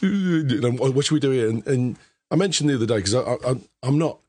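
A hoarse man hosting a casual podcast panel, chatty and self-mocking. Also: medium pitch, animated, fairly quick, warm tone, no room sound. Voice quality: husky. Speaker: podcast host.

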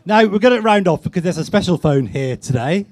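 With a high voice, a man hosts a lively game at a tech meetup in game-show fashion, talking in excited bursts, laughing readily, and rattling off quick countdowns. The background is noisy.

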